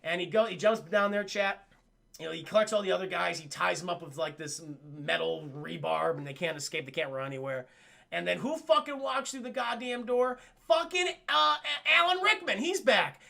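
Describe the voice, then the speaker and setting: Bright, gravelly, profane male streamer. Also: high voice, brisk. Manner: animated, profane, addressing chat. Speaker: streamer and cartoon reviewer. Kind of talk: profane episode recap to chat.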